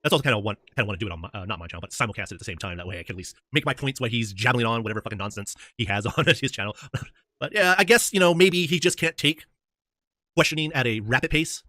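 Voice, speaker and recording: A man talking as a guest in a casual chat, animated and mocking, with plenty of swearing. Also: mid-range voice, racing, no room sound. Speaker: debate guest.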